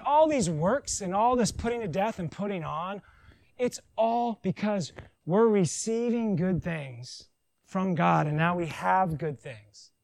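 A man preaching a conversational sermon, joking and animated, with silly voices in his asides. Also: high voice, dry recording, poor audio. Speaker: pastor.

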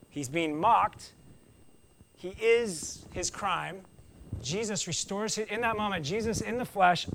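A man preaching a conversational sermon, telling the story with animated delivery and wry asides. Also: high voice, creaky, a little hiss or hum.

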